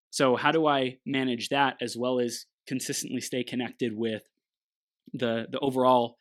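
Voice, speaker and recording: A man's voice: mid-range voice, a bit bright. A man, the host of a conversation, thinking aloud in a searching way and often restarting his phrases. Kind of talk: reflective conversation.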